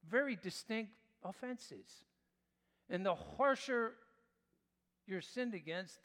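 Male pastor, sermon delivery, emphatic and dynamic, fairly high voice, long room reverb. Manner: emphatic preaching with wide swings in pitch and loudness.

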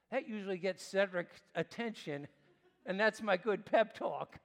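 Male pastor, sermon delivery, emphatic and dynamic, fairly high voice, long room reverb. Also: normal speed. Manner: emphatic preaching with wide swings in pitch and loudness.

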